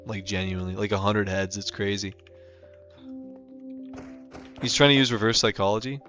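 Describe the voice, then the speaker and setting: A man's voice: lowish voice, fairly even intonation, normal speed, sharp tone. A young man chatting casually on a livestream, rambling with lots of fillers and restarts. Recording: dull lo-fi sound with faint music behind.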